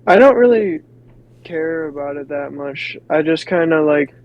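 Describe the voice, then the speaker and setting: A laid-back man with a monotone way of talking, co-hosting a podcast in casual chat. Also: on the high side, a little slow. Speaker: podcast co-host. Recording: dull lo-fi dry mic.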